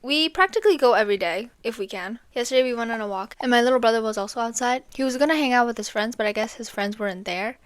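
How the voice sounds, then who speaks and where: A woman's voice: on the high side, quick pace, few pauses, smooth, no echo. A teenage girl chatting casually and telling funny stories over gameplay, giggling and squealing in her quoted reactions. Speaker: gaming vlogger.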